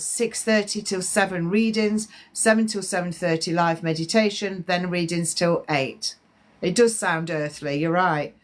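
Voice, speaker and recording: Chatty woman doing live readings. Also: fairly low pitch. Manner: chatty, rambling, talks to viewers' comments. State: slightly congested. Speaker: psychic medium. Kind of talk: live-stream spiritual readings.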